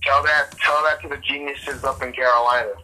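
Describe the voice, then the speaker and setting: A man's voice: medium pitch, steady tone, brisk, noisy background. A man co-hosting a sports podcast, teasing and bragging in casual banter, often stammering as he restarts. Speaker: podcast co-host.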